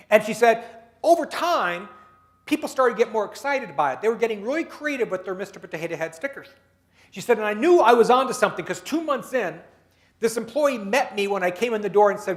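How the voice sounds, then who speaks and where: High-voiced man telling workplace stories. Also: fast. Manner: animated storyteller acting out dialogue. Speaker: keynote speaker. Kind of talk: storytelling business talk. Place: dinner meeting room.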